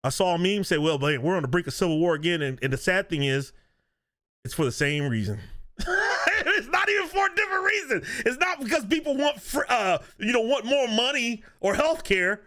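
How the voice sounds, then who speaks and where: High bright-voiced guy ranting on a podcast, laughs a lot, real animated. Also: moderate pace. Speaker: podcast co-host. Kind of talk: casual podcast chat. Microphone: video podcast mic.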